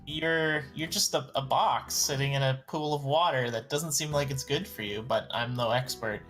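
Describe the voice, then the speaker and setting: A man's voice: mid-range voice, moderate pace, a bit bright, soft background music, natural voice. A man playing a courteous male wasteland traveler who speaks hesitantly.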